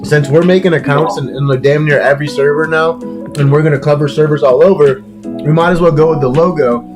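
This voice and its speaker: A man with a slightly high voice hosts a casual gaming podcast in a laid-back way, reading out chat and cursing now and then. Music plays clearly under his voice. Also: steady tone, fairly quick. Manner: laid-back, swears, reads chat aloud. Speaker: podcast host.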